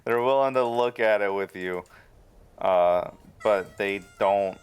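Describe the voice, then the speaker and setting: A man narrating as game master of a tabletop game, talking in halting bursts with many restarts and fillers. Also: fairly low pitch, clear, resonant tone.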